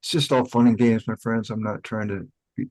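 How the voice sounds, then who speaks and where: A man's voice: fairly low pitch, fairly even intonation, fairly quick, a little mellow, no echo, rough recording. A man chatting casually about his growing, laid-back and rambling with fillers. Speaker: home cannabis grower guest. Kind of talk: casual group chat.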